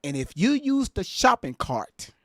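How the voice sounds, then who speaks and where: A man hosting a live stream from home, casually reacting to a clip, incredulous and quick to laugh. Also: high voice, sing-song, no room sound, clean studio sound. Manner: laid-back, incredulous, laughs easily.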